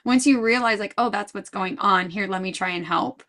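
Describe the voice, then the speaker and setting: A woman's voice: mid-range voice, normal speed, a bit bright. A woman guest in a podcast interview, speaking earnestly and thoughtfully, often restarting her sentences. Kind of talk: casual interview chat.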